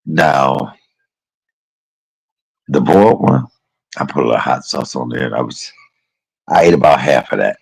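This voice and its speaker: Very deep gravelly man chatting. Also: lively intonation, a little slow, pauses often, rough recording. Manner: rambling, chatty, calls viewers y'all and baby. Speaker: live streamer. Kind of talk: casual livestream chat.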